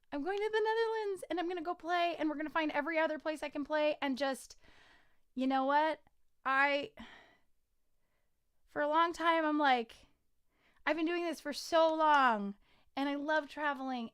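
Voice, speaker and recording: A woman singer-songwriter chatting casually on a livestream, excitable and rambling, with frequent giggles. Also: high-pitched.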